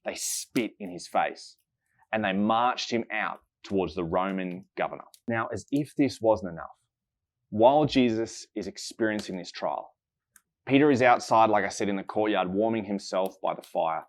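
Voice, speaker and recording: Low-voiced man preaching dramatically. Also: no echo. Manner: slows down and drops soft for emphasis. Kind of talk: dramatic sermon storytelling.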